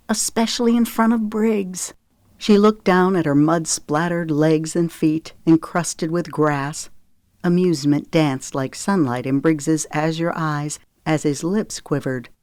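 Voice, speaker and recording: A woman narrating an audiobook in a steady, even storytelling manner. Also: lowish voice, no room sound, studio quality. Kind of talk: scripted narration.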